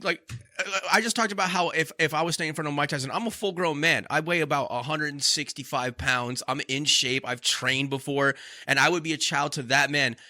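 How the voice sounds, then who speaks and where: A man's voice: fairly high pitch, steady tone, a little fast, bright, forceful tone, dry recording, clean studio sound. A man co-hosting a comedy podcast, blunt and brash, swearing freely. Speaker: podcast co-host.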